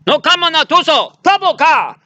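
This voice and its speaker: A man's voice: big pitch swings, moderate pace, exaggerated voice. A man doing a frantic shrieking adventurer hero. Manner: yelling, frantic, high-pitched. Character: panicked shouting adventurer hero, male.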